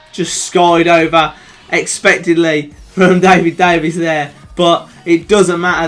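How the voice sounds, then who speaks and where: A young man with a Birmingham accent commentating over a football video game, chatting calmly and then shouting with excitement at big moments. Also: sits high. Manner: excitable, swings from calm chat to shouting at goals. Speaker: gaming YouTuber.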